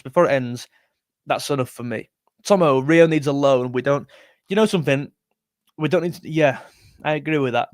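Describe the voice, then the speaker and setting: A man's voice: a little high, dry recording, clean studio sound. Chatty man hosting a live stream. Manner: chatty, rambling, self-correcting. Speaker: football livestream host. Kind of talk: live stream chat reading comments.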